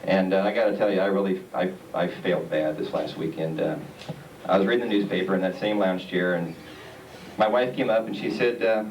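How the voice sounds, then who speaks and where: Guy doing stand-up, kinda low voice, lots of uhs, roomy echoey hall, noisy tape. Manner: rambling, halting delivery with many "uh"s. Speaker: stand-up comedian. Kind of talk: stand-up comedy set. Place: theater stage. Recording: echoey theater recording from far off. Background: audience laughter.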